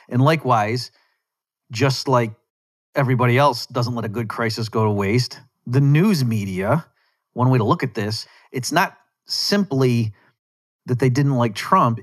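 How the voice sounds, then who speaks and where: A male podcast host delivers a loose solo rant in an ordinary mid-range voice. He is sarcastic and rambling, doubling back on his words and interrupting himself as he goes. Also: medium pitch. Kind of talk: casual monologue rant.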